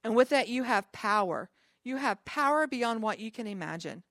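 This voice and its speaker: A woman's voice: on the high side, lively intonation, normal speed, fairly bright tone, no room sound. Chatty woman pastor, dry close sound. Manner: conversational, reads and quotes scripture, chatty asides. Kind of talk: informal sermon to a small group.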